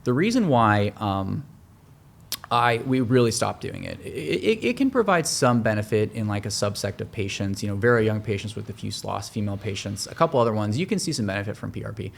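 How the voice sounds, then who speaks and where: A man's voice: on the low side, big pitch swings, a little fast, vocal fry, a little hiss or hum. A man who works as a hair transplant surgeon, explaining his views in a podcast interview, thinking aloud with frequent restarts.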